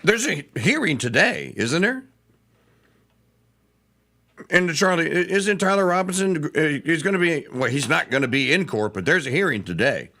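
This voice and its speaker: A man's voice: on the high side, very animated, normal speed, bright, forceful tone. A man hosting a live talk radio show, chatting in a rambling, self-correcting way.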